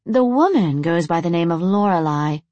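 A blunt undead woman, played by a woman reading a story, mocks everyone around her with dry disdain. The voice sits low and is recorded close in a dead room. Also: animated, normal speed, a little mellow, no room sound, dull audio, close to an everyday voice. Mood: sardonic. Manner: mocking, blunt.

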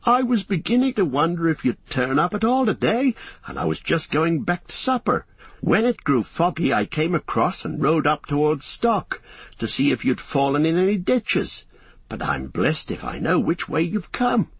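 A man doing a lively young hobbit. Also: on the high side, normal speed, slightly rough, no room sound, pitched above the performer's own voice, heavily acted. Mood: cheerful teasing. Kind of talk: audiobook character voice.

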